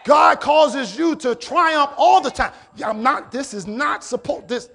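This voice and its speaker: A male pastor with an American accent preaching a sermon, often shouting and stretching out his words. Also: very high-pitched, gravelly. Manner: preaching with shouted, drawn-out exhortations. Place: church sanctuary.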